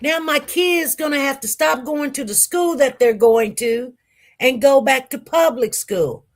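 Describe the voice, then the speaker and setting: A woman in her forties on the witness stand, telling her personal story in animated, colloquial speech. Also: high voice, unhurried. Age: 40s. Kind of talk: emotional personal testimony.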